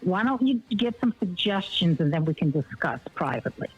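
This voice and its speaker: Husky, lively older woman from New Orleans. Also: fairly low pitch, a little fast, lo-fi sound, faint music behind. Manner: easygoing, giggly, unsure of sports facts. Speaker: host's mother, guest caller. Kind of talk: casual chat.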